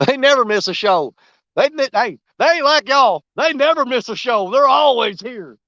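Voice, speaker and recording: A man's voice: very high voice, expressive, moderate pace, gravelly, bright, forceful tone, no room sound, muffled recording. Joking man on a riverbank. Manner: joking, rambling, laughs often, folksy. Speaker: outdoor vlogger. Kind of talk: casual fishing vlog monologue. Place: outdoors on a riverbank.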